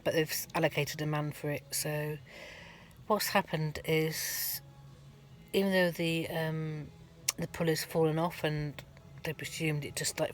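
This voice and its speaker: A middle-aged woman, giving a rambling, chatty vlog update from her van at a garage, full of ums and restarts. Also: low-pitched. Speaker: van life vlogger.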